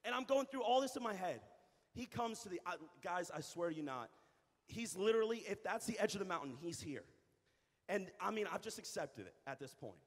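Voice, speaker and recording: A young adult man, a youth pastor, telling a story in a sermon, animated and repeating phrases for emphasis. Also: sits high, fairly quick. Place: church hall. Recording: reverberant church hall.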